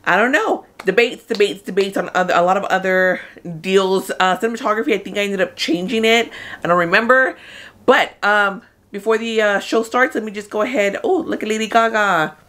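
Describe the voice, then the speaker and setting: A young woman reacting to an awards show in a casual, chatty, excitable vlog. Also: medium pitch, a little fast. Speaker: movie vlogger.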